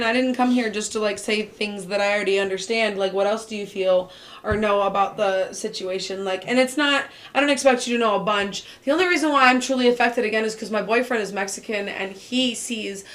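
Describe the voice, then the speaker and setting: A woman's voice: mid-range voice, brisk. A young woman co-hosting a podcast, chatting casually in a rambling way and laughing often. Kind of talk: casual chat.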